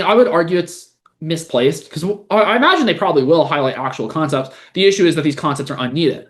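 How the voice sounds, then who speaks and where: Blunt fast-talking young man. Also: fairly high pitch. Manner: blunt, sarcastic, swears freely. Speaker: podcast host, LSAT tutor. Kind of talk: casual commentary reading a post aloud.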